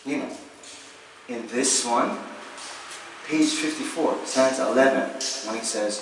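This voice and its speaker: A man teaching a Buddhist class in a conversational way, often checking in with his students and acting out ordinary views in quick asides. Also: medium pitch. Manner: conversational, checks in often with "right?" and "you understand?". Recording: echoey hall, distant, faint hiss.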